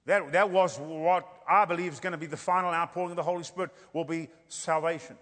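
A man's voice: on the high side, steady tone, fast, a bit bright. A man with an African accent preaching a sermon, telling stories and building to fervent emphasis. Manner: storytelling, rising to fervent emphasis. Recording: long hall reverb.

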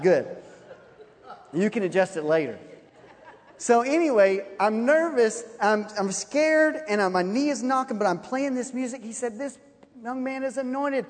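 A man preaching a sermon, telling a personal story with animated, laughing delivery. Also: high-pitched. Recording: long hall reverb.

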